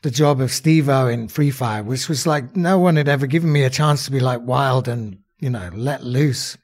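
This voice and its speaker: A man's voice: medium pitch, moderate pace, a little mellow. A man, an actor, talking casually in an interview, rambling and self-mocking with restarts. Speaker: actor and songwriter guest.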